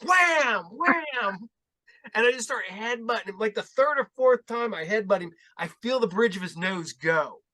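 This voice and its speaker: A middle-aged man hosting a podcast, telling rambling, animated stories in casual chat and laughing along. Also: high-pitched, brisk, hardly any pauses. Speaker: podcast host.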